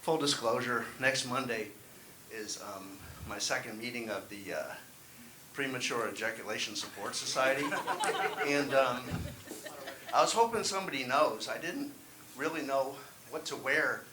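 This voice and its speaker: A man's voice: mid-range voice, expressive, normal speed. A man performing a wry, self-deprecating stand-up set at an open mic. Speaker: stand-up comedian. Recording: echoey room, faint hiss.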